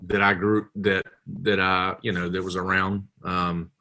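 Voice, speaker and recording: A Southern man talks as a podcast guest in a fairly low voice. He is chatty and laid back, and his anecdotes are loose and full of fillers. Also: flat delivery, measured pace, sharp tone. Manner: chatty storyteller, many fillers. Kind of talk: casual chat.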